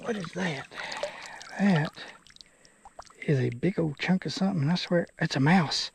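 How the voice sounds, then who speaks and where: A man's voice: fairly high pitch, unhurried, creaky, a little hiss or hum. A man giving casual outdoor fishing commentary by a creek, folksy and talking to the fish. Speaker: fishing vlogger.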